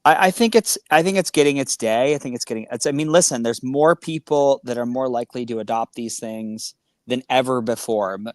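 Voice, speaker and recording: A man talking as a guest in a casual conversation, an animated and rambling storyteller. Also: medium pitch, a little fast, no room sound, clean studio sound. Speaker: podcast guest.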